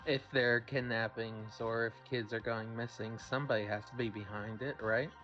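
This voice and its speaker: A man's voice: medium pitch, steady tone, normal speed, bright, forceful tone. A man playing a character in a tabletop game, speaking hesitantly with many fillers. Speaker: player. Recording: dull lo-fi audio with faint music.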